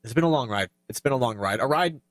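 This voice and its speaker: A longtime YouTuber, a man, speaking in a reflective, halting way with many fillers and restarts as he gets emotional. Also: mid-range voice, animated, crowd noise. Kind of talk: reflective personal talk.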